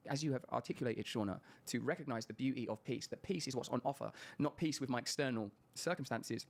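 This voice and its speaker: Quick, reflective man in an interview. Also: creaky. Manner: reflective, animated, rising into high exclaims. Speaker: podcast guest. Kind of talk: interview conversation.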